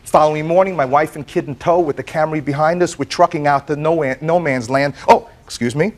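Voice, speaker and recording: An American man testifying as plaintiff in a TV courtroom, telling his story in an animated way, acting out quotes and repeating words as he goes. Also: fairly high pitch, fairly quick.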